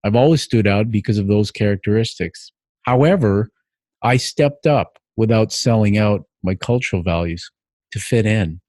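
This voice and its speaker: Man in his fifties, Canadian accent, low voice, reflective storytelling, dry close sound. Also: normal speed, darkish tone, no echo. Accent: Canadian English. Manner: earnest, reflective, with light laughs. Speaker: podcast host. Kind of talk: personal narrative monologue.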